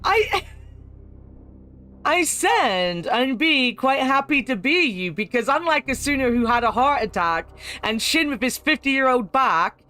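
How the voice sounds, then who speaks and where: Young woman, game streamer, casual chat, laughs a lot, very lively pitch. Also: slow. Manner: chatty, laughs often, talks to chat. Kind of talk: casual gaming commentary.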